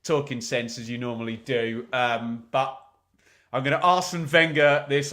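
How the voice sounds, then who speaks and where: A man's voice: medium pitch, normal speed, sharp tone. A man hosting a live football watch-along, chatting casually with viewers and reading their comments, with frequent "um" fillers.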